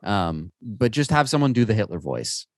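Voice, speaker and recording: A man's voice: on the low side, big pitch swings, normal speed, heavy background noise. A man co-hosting a podcast, chatting casually about games in a rambling, stop-start way full of restarts and fillers. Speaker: podcast co-host. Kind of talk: casual gaming chat.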